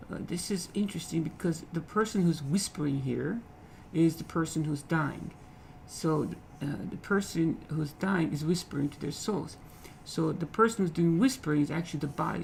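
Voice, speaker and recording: Male lit teacher, gravelly fry voice, halting, repeats phrases, faint background hiss. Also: a little high, poor audio. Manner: repeats phrases, frequent "okay?" checks, halting restarts. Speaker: literature teacher. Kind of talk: explaining a poem in a lecture.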